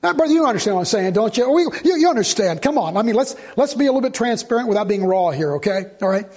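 A man preaching a sermon as the pastor, swinging from loud exhortation to low, earnest asides. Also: expressive, quick pace.

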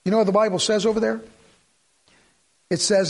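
A man with a high voice preaches a sermon. He talks to the congregation in a conversational way and poses rhetorical questions. Now and then he sinks to a quiet, low voice for emphasis. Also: fairly even intonation, normal speed, pauses often. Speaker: pastor.

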